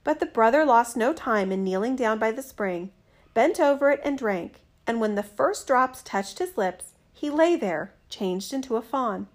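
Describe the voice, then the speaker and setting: A woman reading a fairy tale aloud in a gentle, measured, expressive storytelling manner. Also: a little high.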